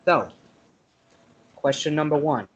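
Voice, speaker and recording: Man doing a quietly menacing interrogator. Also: fairly high pitch, slow pace, muffled recording, slight background noise. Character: cold, threatening male adventurer interrogator.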